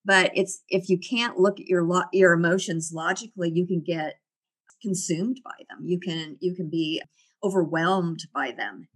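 Woman guest, middle-aged, reflective storyteller, quick to laugh, conversational. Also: fairly low pitch. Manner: reflective, laughs often while telling stories. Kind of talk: casual interview storytelling.

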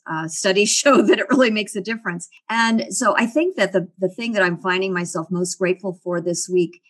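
Woman guest, middle-aged, reflective storyteller, quick to laugh, conversational. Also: lowish voice, a bit bright. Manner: reflective, laughs often while telling stories. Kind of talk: casual interview storytelling.

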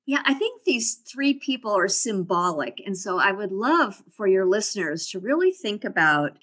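A woman's voice: mid-range voice, very animated, moderate pace, fairly bright tone. Middle-aged woman, interview guest, reflective, laughs a lot. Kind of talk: casual interview conversation.

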